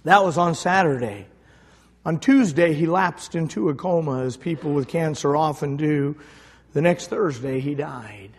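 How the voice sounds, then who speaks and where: A man preaching a sermon, telling a story quietly and then rising into shouted appeals. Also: on the high side, a little slow, husky. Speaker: pastor. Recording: long hall reverb.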